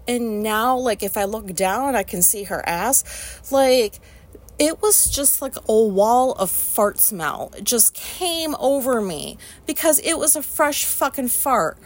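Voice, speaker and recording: A woman's voice: on the high side, lively intonation, slow pace. A woman hosting a podcast, telling a casual story in a rambling way, with lots of fillers and free swearing. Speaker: podcast host.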